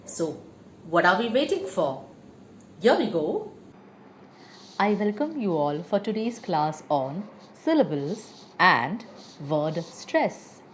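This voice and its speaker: A woman teaching an English pronunciation lesson, reading out example words slowly and carefully, often saying each one twice. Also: lowish voice, sing-song, slight background noise.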